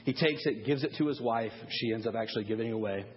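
A man preaching a sermon to parents, telling a story in a lively way and acting out the people he quotes. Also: medium pitch, fast talker, muffled recording. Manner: animated storyteller, acts out quoted voices. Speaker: pastor.

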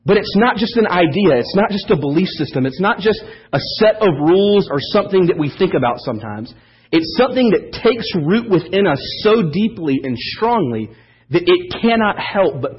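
A man preaching a sermon as pastor, telling stories in an animated, joking way. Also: high-pitched, breathy edge. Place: church service. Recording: dull lo-fi sermon audio.

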